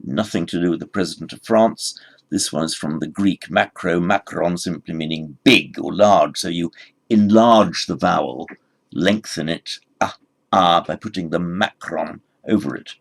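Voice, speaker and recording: A man teaching a recorded grammar lesson, explaining word forms patiently and spelling them out slowly. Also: low-pitched, creaky. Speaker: language teacher.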